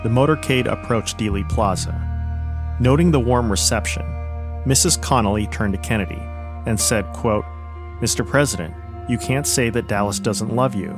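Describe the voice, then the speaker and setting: A man reading scripted historical narration in a measured, even way. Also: medium pitch, over music. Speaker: podcast narrator.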